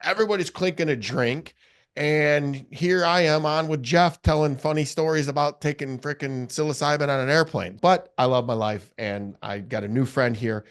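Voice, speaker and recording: A man's voice: on the high side, moderate pace. A man hosting a casual podcast interview, earnest and self-reflective as he asks direct questions. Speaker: podcast host.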